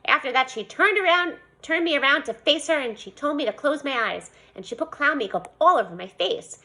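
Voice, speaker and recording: Woman, storybook reader, animated, high voice, bright tone. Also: a little fast. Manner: animated, voicing a young girl narrator. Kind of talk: storybook read-aloud.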